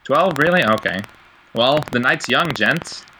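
Male podcast host with a bright voice, joking and prodding his friends over a call. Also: medium pitch, expressive, a little hiss or hum, poor audio. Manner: teasing, quick questions. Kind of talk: casual chat.

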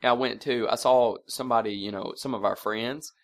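A man's voice: medium pitch, normal speed. A man co-hosting a podcast, telling a family prank story with laughter and casual swearing. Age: adult parent. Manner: animated, laughing storyteller who swears freely. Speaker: podcast co-host.

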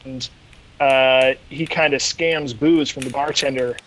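A man's voice: mid-range voice, a little slow, a little hiss or hum, rough recording. A man hosting a podcast, retelling an episode in casual chat and acting out quotes along the way. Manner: animated retelling with acted quotes. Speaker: podcast host.

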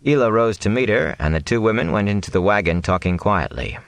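A man narrating a fantasy novel aloud in an expressive storytelling reading. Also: on the low side, brisk, no room sound. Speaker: audiobook narrator. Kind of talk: scripted narration.

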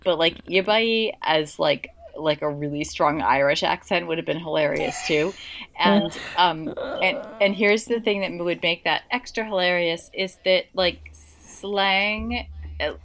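A woman's voice: on the low side, a little slow, a bit bright. A woman chatting casually and adding mumbled asides while a story is read to her. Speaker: co-host listener. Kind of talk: casual chat commentary.

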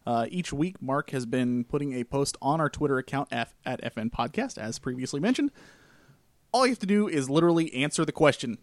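A man's voice: medium pitch, lively intonation, brisk, no echo. A man hosting a casual gaming podcast, breezily reading out the show's announcements. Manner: breezy, reads out show announcements. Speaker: podcast host.

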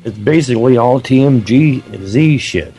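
A man in casual banter who speaks in a dry, halting way. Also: mid-range voice, mellow, husky, soft background music. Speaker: show regular.

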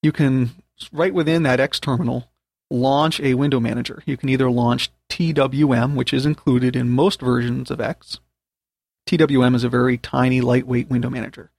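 Gravelly man patiently dictating commands. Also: mid-range voice, steady tone, moderate pace, darkish tone, no room sound. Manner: patient, spells out commands step by step. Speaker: podcast host teaching a topic. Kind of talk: spoken tutorial.

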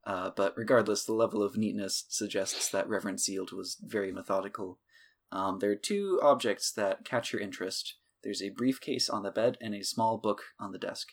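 A man's voice: on the low side, moderate pace. Easygoing man running a tabletop game. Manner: relaxed, many "um" and "uh" fillers. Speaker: game master. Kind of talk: narrating a tabletop game online.

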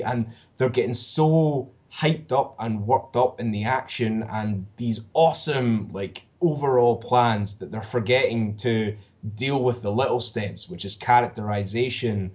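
A man co-hosting a podcast who talks about films in an animated, excitable way and swears freely. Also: mid-range voice. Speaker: podcast co-host. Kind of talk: casual podcast chat.

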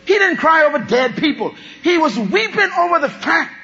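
A man preaching a sermon as pastor, animated, swinging between shouts and low asides and laughing often. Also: normal speed, lo-fi sound.

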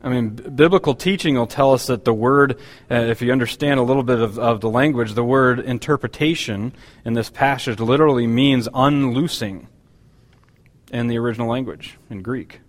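A man's voice: medium pitch, moderate pace, in a large hall. A man preaching a Bible-teaching sermon, explaining a passage with frequent restarts and fillers. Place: church hall.

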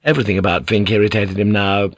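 A man narrates an audiobook with measured, dramatic pacing, his voice low and steady. The recording is close and completely dry, with no room echo. The reading is even and scripted.

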